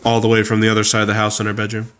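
A man's voice: lowish voice, racing. Easygoing man chatting with a friend. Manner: relaxed, chuckling, adds ideas. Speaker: co-host. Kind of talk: casual chat.

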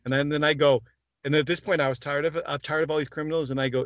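Man, interview guest, animated storyteller, quotes dialogue, dry close sound, muffled lo-fi audio. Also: a little high, racing, dry recording. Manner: retells scenes with quoted dialogue, many "like" and "I go" fillers.

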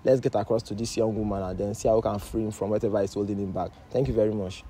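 A man's voice: lowish voice, flat delivery, quick pace, background noise. A man with a Nigerian accent hosting a staged deliverance video, earnestly speaking to camera and mediating. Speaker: pastor, host.

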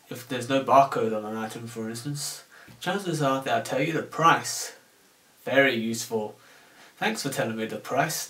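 A man's voice: medium pitch, fairly bright tone, recorded from a distance. A young man from the UK delivering a casual, sarcastic comedic rant to camera about his work as a shop cashier. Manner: sarcastic, exasperated, acts out customer exchanges. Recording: roomy echo, voice off-mic.

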